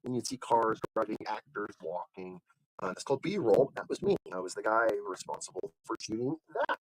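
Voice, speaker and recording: With a lowish voice at a moderate pace, this livestream host rambles casually through a lengthy story, stumbling over fillers and restarts. He acts out what the other people said with animation, and the audio is low quality but has no echo.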